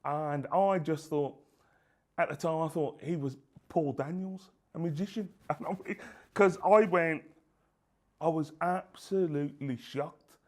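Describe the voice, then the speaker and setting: A middle-aged man telling his own story in an interview, halting and lively, acting out both sides of old conversations. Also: a little high. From England. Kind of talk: personal testimony.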